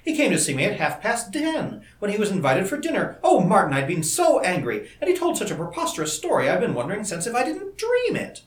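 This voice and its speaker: A man's voice: high-pitched, wildly swooping pitch, brisk, few pauses, voice pushed up. A man reading an audiobook, voicing an anxious, hurt young woman in a raised voice. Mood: puzzled. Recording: roomy echo.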